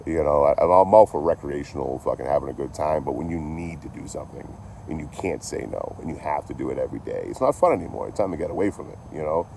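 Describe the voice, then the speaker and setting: A man's voice: rumbling low, animated, quick pace, vocal fry, mellow, a little hiss or hum. A man telling a long story to his live chat in a rambling, laid-back way, swearing constantly and thanking viewers along the way. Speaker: livestreamer telling stories.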